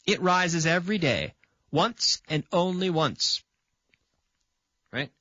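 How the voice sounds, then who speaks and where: A man's voice: on the high side, animated, slow pace, pushed and bright, dry recording, muffled recording. A man from Canada teaching an English grammar lesson on video. He repeats example sentences and checks in with the viewer by asking "okay?".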